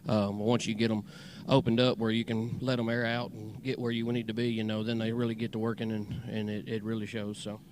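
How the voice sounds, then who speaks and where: Flat-voiced Southern race driver. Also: male voice, lowish voice, a little fast, few pauses, a little hiss or hum. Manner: plainspoken, grateful, many fillers. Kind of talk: post-race interview. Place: outdoors at a race track.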